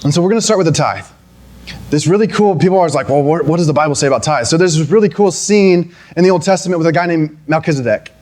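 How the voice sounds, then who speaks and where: A man's voice: a little high, animated, fast, a little mellow. A young adult man preaching a sermon in a conversational way, often restarting and then climbing into emphatic, pleading passages. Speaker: pastor.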